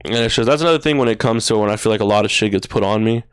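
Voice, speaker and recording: A man's voice: on the low side, rapid-fire, clear, resonant tone, no echo. A young man in his twenties, a podcast guest, telling a personal story in casual slang, full of "bro" and "dude" and swearing. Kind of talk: emotional storytelling. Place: podcast studio.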